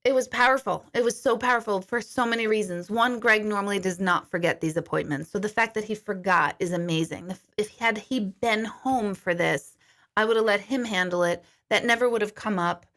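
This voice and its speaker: Middle-aged woman hosting a casual livestream; bright, lively, chatty, a bit profane. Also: medium pitch, a little fast. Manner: chatty, animated, swears casually. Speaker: livestream host, medium. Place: home kitchen.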